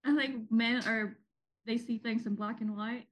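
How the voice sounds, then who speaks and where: Young woman cohosting a podcast, a bit high pitched, jokey, laughs a bunch. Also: fairly even intonation, a little slow. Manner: joking, laughs often. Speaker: podcast co-host. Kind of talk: casual chat.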